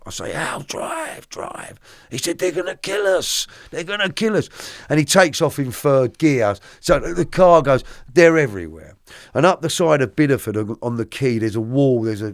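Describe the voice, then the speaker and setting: A middle-aged man recounting his arrest in colloquial, vivid storytelling, now and then shouting out the quoted lines. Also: fairly low pitch, no room sound, studio quality. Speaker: guest. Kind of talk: true crime storytelling.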